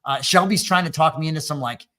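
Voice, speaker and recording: A man's voice: fairly high pitch, fast talker, sharp tone. A man from Wisconsin hosting a business coaching webinar, talking loosely and joking with fillers. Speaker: webinar host and MSP coach. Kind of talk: energetic webinar talk.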